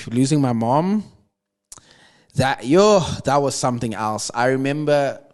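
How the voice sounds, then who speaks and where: Young south african guy on a podcast, talking slow and heavy, mid pitched. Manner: earnest, reflective retelling with emotional weight. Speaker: podcast guest. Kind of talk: personal storytelling in a conversation.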